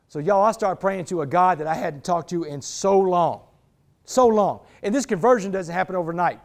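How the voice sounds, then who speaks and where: A man's voice: high voice, normal speed. A man gives a motivational talk to a team, telling his story dramatically and acting out the voices of others. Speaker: motivational speaker.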